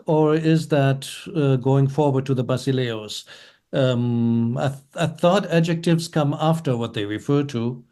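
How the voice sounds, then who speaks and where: A man as a student in an online class, working through a translation slowly and tentatively, asking questions over a video call. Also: medium pitch, mellow. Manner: slow, tentative, asks questions.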